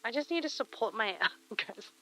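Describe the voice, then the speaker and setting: A woman's voice: on the high side, lively intonation, moderate pace, background noise. A woman streamer chatting casually while she crafts, murmuring to herself and reading chat aloud on a very sensitive close mic.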